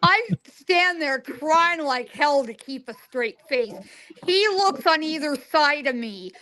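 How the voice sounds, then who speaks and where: A woman's voice: high voice, slow pace. A woman in her forties, a guest psychic, telling stories in a casual interview and acting out the dialogue in them. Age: 40s. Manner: animated storyteller acting out dialogue.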